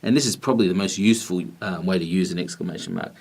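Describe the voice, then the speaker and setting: A man with a somewhat low voice teaches a grammar video lesson. He explains patiently and deliberately, pausing between phrases as he goes. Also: a little mellow. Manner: patient, measured explaining with pauses.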